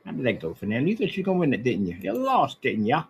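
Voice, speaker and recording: Very fast, with a mid-range voice whose pitch swoops wildly, a man who sells online launches into a sarcastic, mocking rant about a customer. He addresses that customer directly while going through emails and receipts, repeating things with scorn. The low-quality recording has a little hiss or hum.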